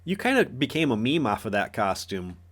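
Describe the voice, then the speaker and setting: A man's voice: mid-range voice, very animated, a little fast. A man hosting a casual interview, asking a friend friendly, curious questions. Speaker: host, interviewer.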